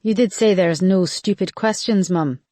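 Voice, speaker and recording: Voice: medium pitch, moderate pace, no echo. A big, unflappable Scottish detective constable, laying out his theory in an easy, reasoning way, as an audiobook narrator puts him on. The read is close-miked and dry. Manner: relaxed, reasoning aloud. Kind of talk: audiobook character voice.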